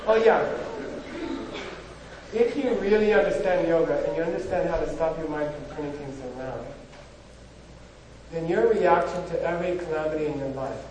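A man's voice: a little high, normal speed, long pauses, a little mellow. A man giving an informal spiritual talk, chatty and full of rhetorical questions and "you know". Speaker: spiritual teacher. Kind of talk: informal lecture. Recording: echoey hall from far off.

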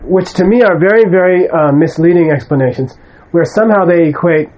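Man, teacher, slightly high voice, casual lecture, blunt and emphatic, frequent "okay?". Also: fairly quick, a little mellow, lo-fi sound, a little hiss or hum. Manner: conversational, keeps checking in with "okay?"; emphatic, bluntly dismisses wrong views. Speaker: Buddhist teacher. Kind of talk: lecture to students.

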